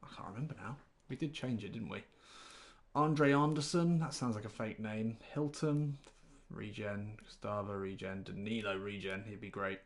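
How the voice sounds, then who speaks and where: A man's voice: lowish voice, moderate pace. A man, rambling chattily through live gameplay commentary while greeting chat viewers. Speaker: game streamer.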